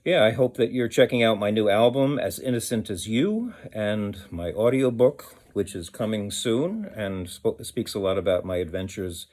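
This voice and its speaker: A man's voice: lowish voice, lively intonation, normal speed, hardly any pauses, darkish tone. A man, a children's musician, telling a story in a rambling, hesitant way with many fillers. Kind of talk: casual storytelling with sung song.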